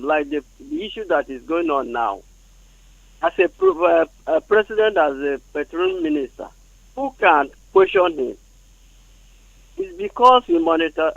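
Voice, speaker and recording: A man with a Nigerian accent phoning in, speaking formally and haltingly as he searches for words. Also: very high voice, creaky, no room sound. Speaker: phone-in caller. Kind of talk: call-in opinion. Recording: dull dry phone line.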